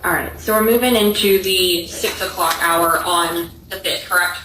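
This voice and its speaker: A woman's voice: lowish voice, moderate pace. A woman prosecutor questioning a witness in a courtroom in a direct, businesslike way. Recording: echoey courtroom audio with faint noise.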